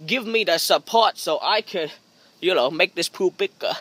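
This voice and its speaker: Standing outside beside a private pool, a vlogger with a high-pitched male voice talks at normal speed into his phone's front camera, and the recording is dry. His comedic, rambling monologue is sarcastic, full of deadpan, jokey self-mockery.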